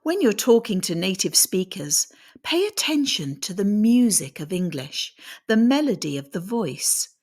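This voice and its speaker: A woman giving a scripted English pronunciation lesson, deliberately demonstrating how her voice rises and falls. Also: medium pitch, sing-song, a little mellow.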